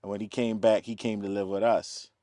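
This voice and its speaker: Man from telling lively stories. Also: fairly low pitch, brisk, no room sound, studio quality. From East Baltimore, USA. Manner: animated, acts out quoted voices, laughs often. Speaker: film producer, guest. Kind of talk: casual interview storytelling.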